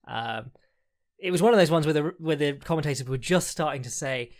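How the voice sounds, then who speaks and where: A man's voice: a little high, brisk. A man hosting a podcast, recapping fights in a rambling, frank way with lots of fillers, the odd swear and laughs. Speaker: podcast host, fight analyst. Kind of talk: casual solo commentary recap.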